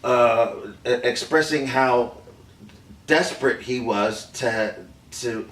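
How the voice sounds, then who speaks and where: A man playing a halting old filmmaker, far-off echoey mic. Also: mid-range voice, fairly bright tone. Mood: hesitant. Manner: halting, hesitant, many fillers. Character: man playing a famed film director recounting secrets. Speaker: actor in a staged interview. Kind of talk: improvised interview acting. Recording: roomy echo from a distant mic with faint noise.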